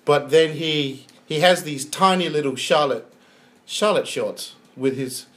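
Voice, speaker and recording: A young man with an Australian accent co-hosting a casual podcast, joking bluntly, swearing and laughing loudly. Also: fairly high pitch, unhurried. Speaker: podcast co-host. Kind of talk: casual wrestling chat.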